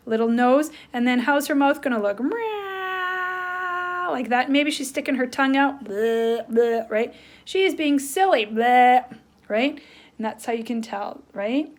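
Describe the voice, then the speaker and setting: A woman teacher giving a playful, animated lesson to young children, checking in with "right?" as she draws. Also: fairly high pitch. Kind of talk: children's lesson, drawing along.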